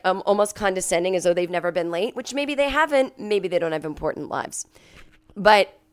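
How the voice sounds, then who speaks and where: A sick woman hosting a podcast from home, telling a story in a casual monologue, coughing and clearing her throat, and acting out the people she quotes. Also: fairly low pitch. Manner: animated, acts out quoted people in a raised voice. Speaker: podcast host.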